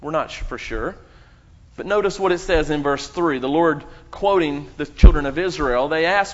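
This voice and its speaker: Man, pastor, sermon, fairly high voice, emphatic pauses, muffled lo-fi sound. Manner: emphatic preaching with dramatic pauses. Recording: muffled low-fidelity sound.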